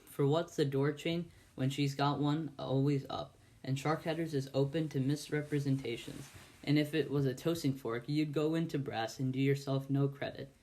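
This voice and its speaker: Slow ponderous blacksmith guy, kind and plain-spoken, a bit lower and quieter, as a guy reading aloud puts him on. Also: fairly even intonation, natural voice. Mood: earnest. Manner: ponderous, deliberate, rustic grammar. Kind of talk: amateur audiobook reading.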